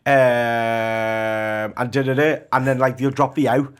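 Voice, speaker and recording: A young man with a Liverpool accent, a comedian guest chatting casually, animated and laughing often as he jokes. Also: medium pitch, slow pace, clear, resonant tone. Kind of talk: casual chat.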